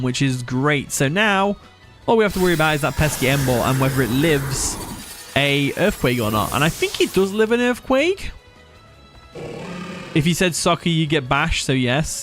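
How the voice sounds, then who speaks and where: A young man talks through a live online battle, reading questions from chat and laughing easily. His voice sits a little high, with faint music playing underneath. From Nottinghamshire, England. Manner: chatty, laughs often, reads chat aloud. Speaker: streamer. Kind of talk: live game commentary with chat.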